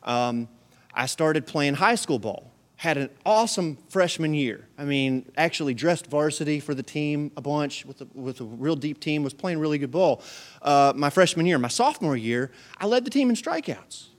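A man preaching a sermon to a live congregation in a slightly higher-than-usual voice. He tells stories with humor and energy, and he briefly puts on voices for the people in them. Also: moderate pace. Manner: animated storytelling with humor, acting out quoted voices. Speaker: pastor. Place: church service with a live congregation.

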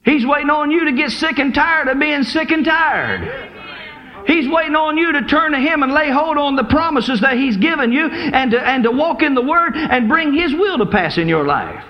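A man with a very high voice preaches to his church with fervent, exhorting force. The sound is dull and lo-fi, like an old church service tape. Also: lively intonation, moderate pace. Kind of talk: sermon.

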